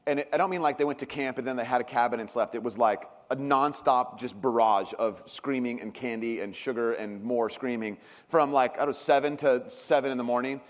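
A man preaching a sermon as a pastor, telling stories with animated swings in pitch and loudness. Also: brisk. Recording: long reverb of a large hall.

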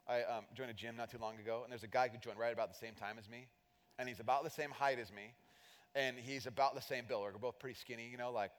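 A middle-aged man preaching a sermon as pastor, animated and self-deprecating, acting out little voices to make his points. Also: medium pitch, fast. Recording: long hall reverb.

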